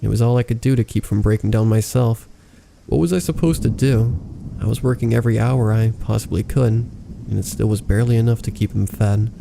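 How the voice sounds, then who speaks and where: A man reading a horror story aloud as narrator, in a calm, measured way. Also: on the low side, gravelly, background noise. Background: faint rain ambience.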